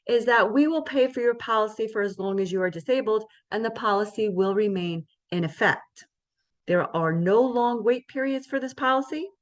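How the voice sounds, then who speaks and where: Chatty woman explaining insurance. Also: mid-range voice. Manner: conversational, checks in often with "right?". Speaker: insurance presenter. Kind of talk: educational presentation.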